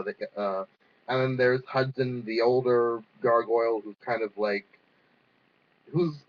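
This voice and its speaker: Young male vlogger, mid-pitched, rambling and profane, muffled home recording. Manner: rambling, filler-heavy, profane. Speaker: vlogger reviewing a cartoon. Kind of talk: casual spoken review. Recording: dull lo-fi sound.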